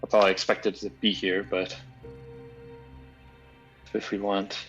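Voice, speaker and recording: A man's voice: fairly low pitch, level tone, measured pace, fairly bright tone, breathy edge, soft background music, rough recording. A man playing in a tabletop game, joking in casual chat. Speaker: player.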